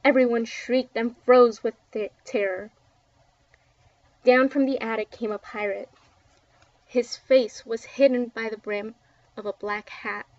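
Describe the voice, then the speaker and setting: A woman reading a children's book aloud with expressive, dramatic storytelling, recorded dull and a little distant from the mic. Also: a little high, unhurried, pauses often, dry recording. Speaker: book reader.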